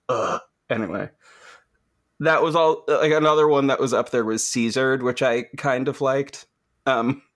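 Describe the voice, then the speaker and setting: Laughing, swearing podcast host. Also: male voice, mid-range voice. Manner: laughs often, swears freely, animated storytelling. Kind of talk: casual chat.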